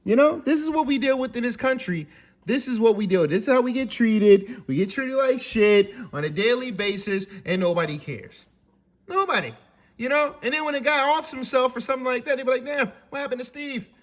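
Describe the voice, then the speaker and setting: Man ranting in a high voice, animated, swearing, stumbling over repeated words; casual monologue. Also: brisk. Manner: animated, profane, repetitive ranting with stammered restarts. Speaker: commentator.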